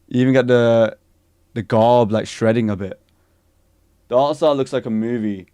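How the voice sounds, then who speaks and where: A man streaming live, reacting to anime news in excited casual chat and answering his chat. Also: medium pitch, normal speed, clear, resonant tone, no echo.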